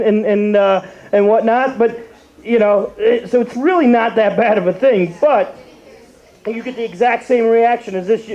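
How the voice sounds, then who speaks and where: Young guy from cleveland doing open mic comedy, kinda high voice, rambly and unsure, keeps restarting. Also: darkish tone, dull audio. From Cleveland, Ohio. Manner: rambling, hesitant, with many fillers and restarts. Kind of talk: stand-up comedy set.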